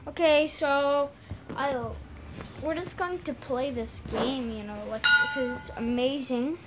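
A woman's voice: sits high, slow, noisy background. A young woman casually commenting on a video game, chatty and giggly, reading its text aloud. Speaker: gameplay video host.

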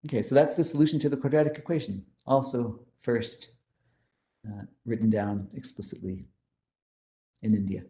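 A man lecturing on mathematics at a conference, with a mellow, relaxed tone. He explains each step with enthusiasm and often checks in with a quick "right?". His voice rings in an echoey hall. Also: mid-range voice.

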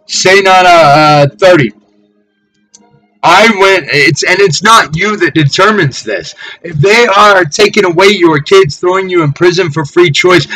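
A man preaching from scripture in a fiery, profane way, swinging between shouted tirades and low mocking murmurs. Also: unhurried, soft background music, low-quality recording. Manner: swears heavily. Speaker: street preacher.

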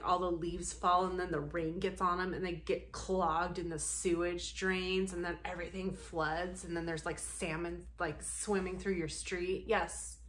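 Young woman vlogger ranting casually to camera, slow unhurried talk, laughs a lot, drops to a joking whisper now and then. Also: lowish voice. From Pacific Northwest. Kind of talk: casual chatty rant.

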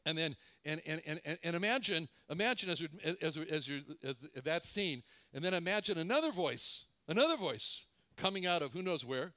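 Earnest halting preacher, man. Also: fairly high pitch, very animated, pushed and bright, no echo, clean studio sound. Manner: halting, repeats words and restarts often; earnest, lingers on phrases. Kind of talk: sermon.

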